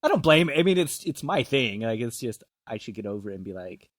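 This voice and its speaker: Blunt sweary guy hosting a podcast, self-mocking, pretty animated. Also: mid-range voice, fairly quick, dry recording, studio quality. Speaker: podcast host. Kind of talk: casual chat. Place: small studio.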